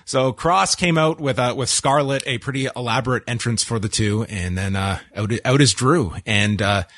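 A man's voice: medium pitch, normal speed, fairly bright tone, no echo. Guy recapping wrestling, wry, lots of uhs, dead dry sound. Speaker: wrestling show reviewer. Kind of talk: casual recap chat.

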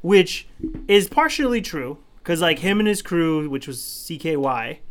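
A man's voice: on the high side, very animated, measured pace, a little hiss or hum. A man co-hosting a podcast in casual chat, laid-back and slangy. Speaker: podcast co-host.

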